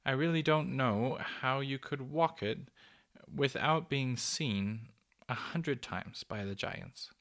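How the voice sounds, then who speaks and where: A man voicing a kindly, motherly old female cuckoo bird who talks slowly and gently. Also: mid-range voice. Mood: cozy.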